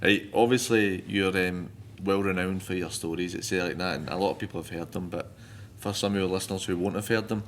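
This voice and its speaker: A man's voice: sits low, steady tone, fairly quick, few pauses, slight background noise. A man hosting a podcast, asking plain, direct questions. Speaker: podcast host. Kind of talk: casual interview.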